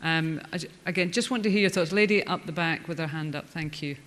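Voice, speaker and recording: A man chairing a panel debate in a large hall, brisk and jokey with the audience. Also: fairly high pitch, fairly bright tone. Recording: long hall reverb.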